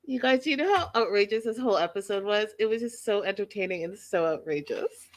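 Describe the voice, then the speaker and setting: A woman hosting a casual recap of a reality show, chatting in an animated, gossipy storytelling way. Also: medium pitch, brisk. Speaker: show host.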